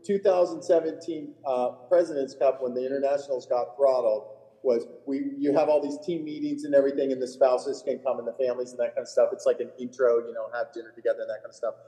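A man co-hosting a casual golf podcast, spinning long rambling anecdotes with a loose, profane edge. His voice sits warm and dark. The recording rings with a long room reverb. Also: medium pitch, steady tone, fast talker. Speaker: podcast co-host, PGA Tour caddie. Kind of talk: casual chat, storytelling.

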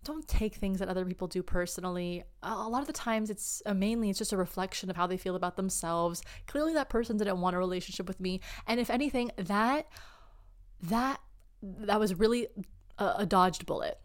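A woman's voice: mid-range voice, brisk. Chatty young woman telling a story. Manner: chatty storytelling with frequent filler words. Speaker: podcast host. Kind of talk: casual chat.

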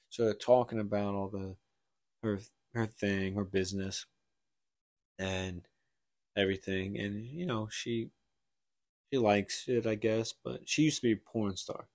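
A man's voice: lowish voice, creaky, darkish tone, no room sound, clean studio sound. A man co-hosting a casual book podcast, rambling through a story retelling with lots of "like" and restarts. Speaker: podcast co-host.

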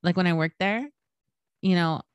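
A woman's voice: on the low side, normal speed, smooth, dry recording, muffled recording. A young woman co-hosting a podcast, telling stories in a casual chat full of fillers and swearing. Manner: swears freely, storytelling with lots of fillers. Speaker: podcast co-host.

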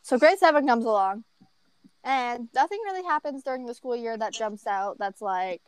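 A high-voiced woman tells a rambling story with giggles running all through it. Her pitch leaps around a lot as she talks. The sound is close and dry, with no room echo. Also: lively intonation, moderate pace, clear, resonant tone. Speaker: vlogger telling a story. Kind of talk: casual storytime chat.

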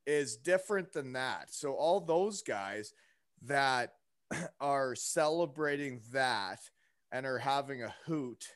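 A man's voice: medium pitch, expressive, slow pace, no echo, studio quality. A young man telling a story in casual chat, rambling with lots of fillers and asides. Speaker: podcast guest.

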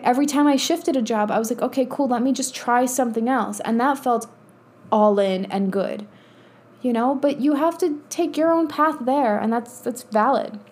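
She's in her thirties, a podcast host and spiritual coach whose voice leans high with a darkish tone. Her motivational monologue is casual and blunt, peppered with profanity and frequent laughter.

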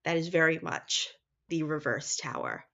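New York woman podcast co-host, lowish voice, lively and explanatory, muffled recording. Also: moderate pace. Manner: animated, explanatory, laughs at own slips. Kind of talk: casual literary discussion.

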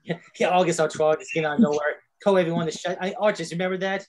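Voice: medium pitch, fairly even intonation, racing, a little mellow, low-quality recording. A wrestler chatting casually on a podcast, rambling with lots of fillers and swearing freely.

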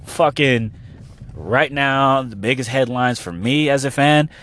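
A man from Oklahoma, hosting his own podcast, talks in a mid-pitched voice that sounds close and dry on the mic. He rants casually with plenty of swearing, sinking to a low mutter and then climbing to excited shouts. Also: measured pace, dry recording. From Oklahoma, USA. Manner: profane, animated, swings from mumbling to shouting. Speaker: podcast host. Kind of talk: casual solo podcast rant.

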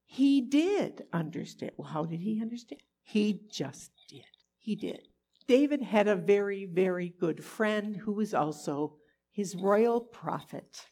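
Husky-voiced woman teaching a Bible lesson. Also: mid-range voice, measured pace. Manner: peppers the telling with rhetorical questions to listeners; animated and expressive.

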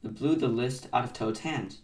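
A man hosting a bedtime story podcast, reading aloud gently in a soothing, unhurried style. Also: medium pitch, roomy sound, distant mic.

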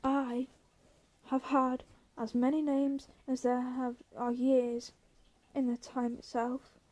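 A woman voicing an ancient, towering male tree monster that makes slow, booming proclamations. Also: flat delivery, warm tone, no echo. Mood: roaring.

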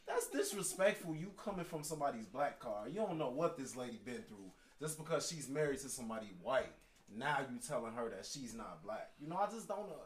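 A man's voice: mid-range voice, big pitch swings, a little fast, roomy sound. A man in a casual podcast chat, talking in a heated, opinionated way. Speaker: podcast co-host.

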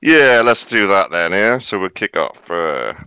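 A man's voice: deep voice, very animated, a little slow, pushed and bright, smooth, dry recording. A man, co-hosting a casual podcast chat with dry humour and casual swearing. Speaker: podcast co-host.

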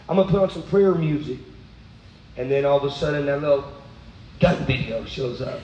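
A man preaching a sermon, animated, swinging from low asides to high, exclaiming bursts. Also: normal speed, pauses often, echoey room, dull audio.

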